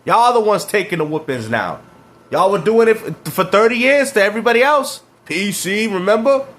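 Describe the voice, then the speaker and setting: A man's voice: high-pitched, lively intonation, moderate pace, fairly bright tone. A man reacting to clips and ranting about video games, mocking and slangy, laughing at his rivals. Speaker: gaming commentator.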